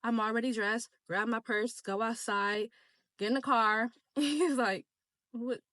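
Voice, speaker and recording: Casting a high-voiced young woman, animated and slangy, relaxed storytime vlog, dry close sound. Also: unhurried, dry recording. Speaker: vlogger. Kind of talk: casual storytime.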